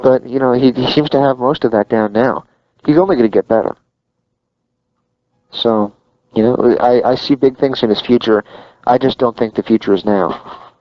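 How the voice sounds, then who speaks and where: A man's voice: mid-range voice, normal speed, long pauses, no room sound. A man talks wrestling in a casual, emphatic way, pressing his opinions hard. The recording is muffled and lo-fi. It is close and dry. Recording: dull lo-fi sound, dry.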